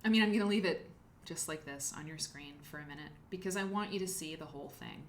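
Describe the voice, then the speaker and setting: A woman's voice: low voice, fast talker, a little hiss or hum. A woman hosting a live quilting show, chatting casually and rambling while she thanks viewers by name. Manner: chatty, rambling, reads chat names aloud. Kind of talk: casual livestream chat.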